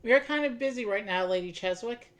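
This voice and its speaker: A woman's voice: fairly high pitch, fairly quick. Focused woman co-streamer. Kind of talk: casual game stream chat.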